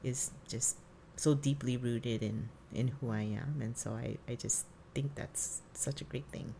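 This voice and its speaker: Casting: middle-aged woman from Hawaii, co-host, low voice, relaxed chatty storytelling. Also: a little slow, gravelly, a little hiss or hum. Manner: chatty, lots of fillers. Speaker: podcast co-host. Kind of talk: casual storytelling.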